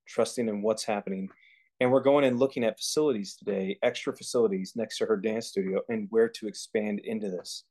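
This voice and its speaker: A man's voice: medium pitch, a little mellow. A man co-hosting a faith podcast, talking earnestly in a casual chat and often restarting his sentences. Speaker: podcast co-host.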